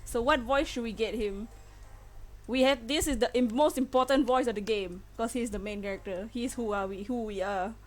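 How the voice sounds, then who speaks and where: A woman's voice: a little high, moderate pace. A woman chatting casually with her viewers while playing through a game on a live stream, giggling often. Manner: chatty, giggly, talks to chat. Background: faint game music.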